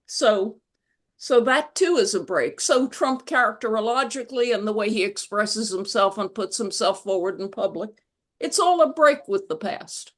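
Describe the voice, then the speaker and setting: A woman being interviewed as an author, telling stories in a reflective, measured way. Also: mid-range voice, lively intonation. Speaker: guest author. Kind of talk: conversational interview.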